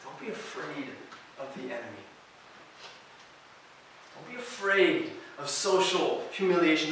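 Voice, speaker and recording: A man preaching a sermon to students as a youth pastor, shifting between hushed, slow emphasis and loud, urgent preaching. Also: sits high. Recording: echoey hall heard from a distance.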